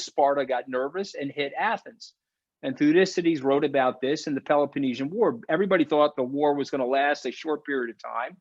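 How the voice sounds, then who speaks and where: A fired-up man delivers an impassioned webinar talk over a video call, preaching his point. His voice sits a little high for a man. The audio is dull and lo-fi, with a dry, close sound. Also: no room sound. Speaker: webinar guest speaker.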